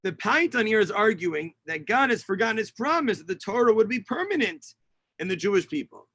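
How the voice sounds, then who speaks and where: A man's voice: sits high, sing-song, brisk, bright, forceful tone, slightly rough, dry recording. A rabbi teaching an online lesson over a video call, explaining and translating Hebrew lines as he reads them, with many fillers. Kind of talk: online lesson on Tisha B'Av kinot. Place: home setup on a video call. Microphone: video call mic.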